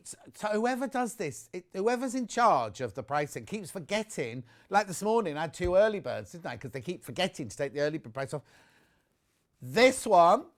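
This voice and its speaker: A man presenting on a live TV shopping show, chatty and excitable, jumping between asides. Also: a little high. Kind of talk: live TV sales chat. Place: TV studio.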